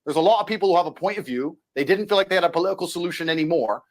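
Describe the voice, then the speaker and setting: A man's voice: fairly high pitch, very fast. A man arguing as a guest in a TV interview, talking in an assertive, lecturing way. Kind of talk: debating in a TV interview.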